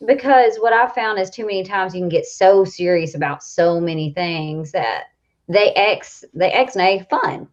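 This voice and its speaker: Animated Southern woman coach, lo-fi. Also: medium pitch, unhurried. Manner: animated, laughing, rambling. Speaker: coach, co-host. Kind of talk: casual chat. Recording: dull lo-fi audio.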